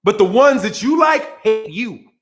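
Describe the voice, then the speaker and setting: A man's voice: high voice, lively intonation, measured pace. A man hosting a boxing commentary channel, ranting in a heated, profane way, repeating himself and breaking into laughter.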